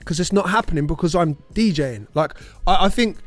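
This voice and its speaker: A man with a notably high-pitched speaking voice banters on a podcast, animated and playful, asking rhetorical questions. Faint music sits behind him. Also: fairly quick. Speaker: podcast co-host, DJ. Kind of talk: casual chat.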